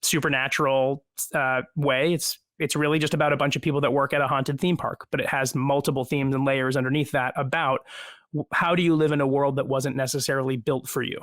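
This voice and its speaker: A man, an actor as a guest, chatting in a casual video-call interview from home, self-deprecating and quick to laugh. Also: mid-range voice, a bit bright, no echo, studio quality.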